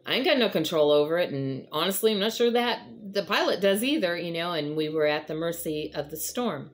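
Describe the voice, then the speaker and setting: Woman host, casual faith chat, slightly low voice, earnest, lots of fillers. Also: lively intonation, fairly quick. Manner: conversational, rambling with frequent fillers; earnest, encouraging. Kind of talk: casual devotional talk.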